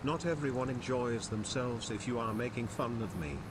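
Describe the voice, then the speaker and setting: A man's voice: medium pitch, normal speed, background noise. A synthetic male voice reading out chat messages bluntly and mechanically.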